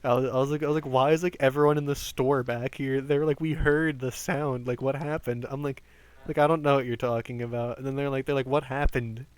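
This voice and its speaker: Young man, streamer, casual storytelling, animated, swears a lot, mid-pitched voice. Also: quick pace. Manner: animated, swears often, many restarts and laughs. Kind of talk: casual storytelling while gaming.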